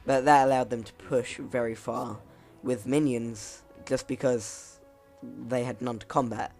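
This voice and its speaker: A man's voice: medium pitch, steady tone, unhurried, vocal fry, darkish tone, faint music behind. Man with a cracking voice, rambling. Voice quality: voice cracks now and then. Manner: rambling, chuckling, self-mocking. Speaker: gameplay commentator. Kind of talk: casual gameplay commentary.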